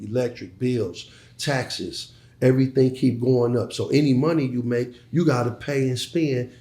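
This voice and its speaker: A middle-aged man with a medium-pitched, darkish voice talks as a guest in a reverberant, casual interview. He's a onetime hustler turned entrepreneur, emphatic and profane, frequently repeating words as a sentence begins.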